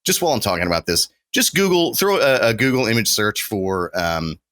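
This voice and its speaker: A man chatting on a podcast with a lively, swinging delivery. His voice is bright and clear at a mid pitch, and he laughs and swears often. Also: a little fast. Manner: laughing, animated, profane. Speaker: podcast co-host. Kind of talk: casual chat.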